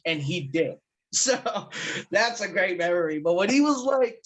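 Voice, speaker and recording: A man with a notably high-pitched voice talks in a loose, casual podcast chat. His stories run on with frequent fillers and plenty of profanity. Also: lively intonation, measured pace, fairly bright tone. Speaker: guest comedian.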